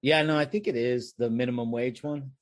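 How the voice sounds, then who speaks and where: A man's voice: medium pitch, fairly even intonation, fairly quick. A man co-hosting a podcast, telling a long work story in rambling casual chat with many fillers and restarts. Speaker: podcast co-host.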